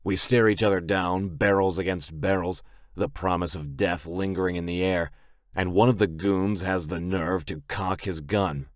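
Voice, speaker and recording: Deep-voiced male audiobook narrator. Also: fairly even intonation, moderate pace, no room sound, clean studio sound. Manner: gritty, blunt first-person telling. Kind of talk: first-person audiobook narration.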